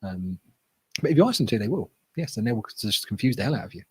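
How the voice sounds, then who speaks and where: A man's voice: lowish voice, sing-song, fast, a little mellow, husky, no echo, low-quality recording. A British man from England, chatting casually as a guest and explaining slang with easy humor. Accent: British English. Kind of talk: casual chat.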